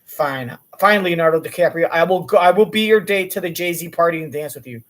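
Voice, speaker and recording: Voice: medium pitch, animated, brisk, distant mic, natural voice. A commentator voicing a reluctant actress who would rather stay in her hotel room. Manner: grudging, reluctant.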